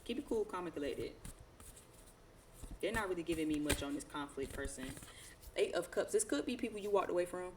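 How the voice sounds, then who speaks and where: A woman's voice: on the low side, animated, brisk, long pauses, noisy background. A woman doing a casual tarot reading, talking in slangy, profane, rambling asides and laughing often. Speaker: tarot reader.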